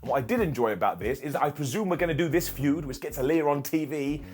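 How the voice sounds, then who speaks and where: Animated, sarcastic guy. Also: a little high, quick pace. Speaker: wrestling show reviewer. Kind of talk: casual video review.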